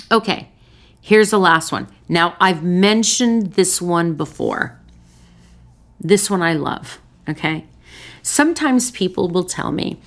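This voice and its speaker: A woman hosting a relationship advice show, speaking directly in short punchy phrases and jumping into excited high voices to act out greetings. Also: slow. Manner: lively, bursts into excited high voices when acting out greetings. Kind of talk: direct advice talk to camera.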